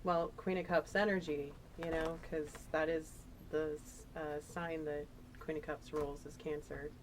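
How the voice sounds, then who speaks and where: A woman's voice: deep voice, little pitch movement, measured pace, noisy background. A woman giving a casual, emotional tarot reading, chatty and rambling with fillers. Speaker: tarot reader.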